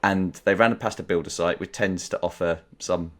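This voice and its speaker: Podcast co-host: low-pitched English man, chatty storyteller who laughs easily. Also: normal speed. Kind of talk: casual chat.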